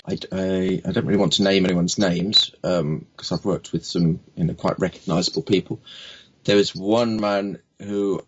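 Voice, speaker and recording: A man with a lowish, husky voice chats easily as a guest, spinning funny anecdotes and slipping into the voices of the people he quotes. The recording sounds dull and lo-fi. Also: fairly even intonation, normal speed. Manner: anecdotal, jokey, acts out quotes. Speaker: guest, speaking coach. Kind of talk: casual interview chat.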